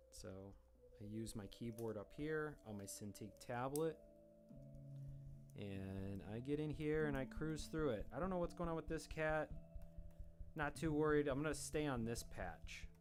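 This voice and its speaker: Man musing aloud while sketching. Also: mid-range voice. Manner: relaxed, self-deprecating, thinks aloud while drawing. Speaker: artist streaming a drawing session. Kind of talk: casual live-stream drawing commentary. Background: guitar music.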